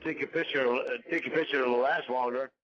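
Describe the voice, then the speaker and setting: A drunk man, the target of a prank call, slurs, stammers and repeats himself while hurling angry accusations over the phone. His voice is medium-pitched with a steady tone, and he talks a little fast.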